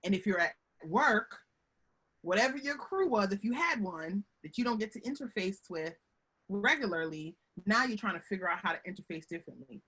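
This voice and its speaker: A woman speaking from home over a video call, with a husky voice that swoops high and low. Her tone is bright and fairly high. She talks to her audience in a chatty, animated way and keeps calling them y'all. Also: a little fast. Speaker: guest speaker on workplace relationships. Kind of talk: lively webinar talk.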